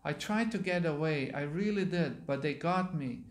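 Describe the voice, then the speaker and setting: Scared old dad begging to be let loose, guy doing the voice, slow, pleading, slightly high, roomy echo. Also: natural voice. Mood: terrified begging. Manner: humble, pleading. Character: terrified dying old man, begging.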